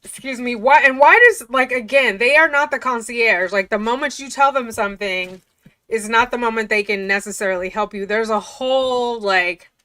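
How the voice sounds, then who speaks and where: Woman reading documents out loud and reacting, chatty and incredulous, bright tense voice, dry close sound. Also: on the high side, normal speed, no echo. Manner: chatty, incredulous, often laughing. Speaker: commentator. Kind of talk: reading documents aloud with casual commentary.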